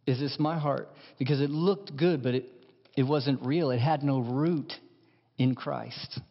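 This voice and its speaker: A man preaching a sermon as pastor, impassioned, dropping to hushed lines and rising to emphatic ones. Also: medium pitch, measured pace, creaky, slightly rough. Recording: dull sound in a large reverberant hall.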